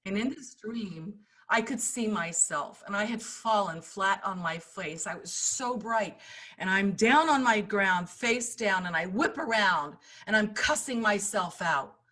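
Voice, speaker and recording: A middle-aged woman giving an impassioned motivational talk, swinging between loud urging and hushed storytelling. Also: mid-range voice, lively intonation, measured pace. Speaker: summit speaker.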